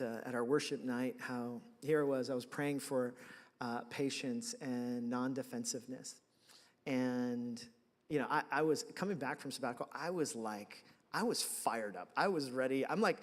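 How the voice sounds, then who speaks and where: A male pastor delivers a sermon in a casual, storytelling manner. His voice sits in a middle range, and he acts out his own past reactions as he tells the story. The sound carries a long church-hall reverb. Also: medium pitch. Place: church sanctuary.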